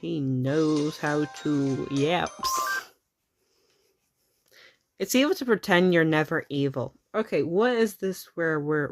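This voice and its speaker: A woman reading a game's dialogue aloud in a casual playthrough, breaking off with blunt, sweary asides. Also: low voice.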